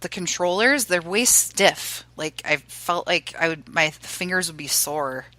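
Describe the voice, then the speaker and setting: Bright, low-pitched woman co-hosting a podcast. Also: expressive, a little slow, no room sound. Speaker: podcast co-host. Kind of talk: casual podcast chat.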